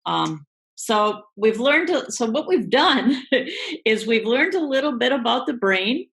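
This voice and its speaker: A woman speaking as a guest coach in a live online interview, explaining in a relaxed way with many fillers. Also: on the high side, measured pace, rough recording.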